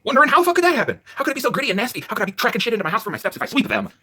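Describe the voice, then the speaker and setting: Fast, furious profane man ranting. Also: very high voice, wildly swooping pitch, breathy edge. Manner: profane, agitated, swings between shouting and muttering. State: worked up. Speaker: vlogger. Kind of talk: angry ranting vlog.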